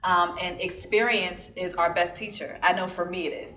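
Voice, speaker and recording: A woman's voice: fairly low pitch, steady tone, normal speed, bright, forceful tone, a little hiss or hum. Woman podcast host, earnest, explains with everyday examples, echoey room. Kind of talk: casual podcast chat.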